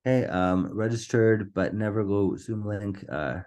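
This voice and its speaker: A low, mellow-voiced man presenting a live online webinar into a computer mic. His voice is going a little hoarse. He talks eagerly and keeps tagging "right?" onto his points. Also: unhurried. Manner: enthusiastic, keeps asking "right?".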